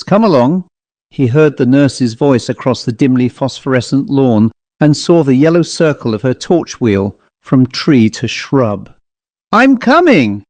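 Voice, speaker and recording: A male audiobook narrator reads a literary ghost story in a measured, even manner. His voice is dark and mellow at a middle pitch. The recording is dry and close on the mic. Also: no echo.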